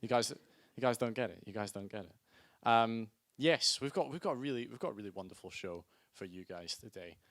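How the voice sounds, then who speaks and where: Bright-voiced Scottish comedy host. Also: male voice, on the low side, brisk, no echo, clean studio sound. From Scotland. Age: young adult. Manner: chatty, self-deprecating, loud crowd-hyping bursts. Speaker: stand-up host and compere. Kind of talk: live stand-up comedy. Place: student comedy night venue.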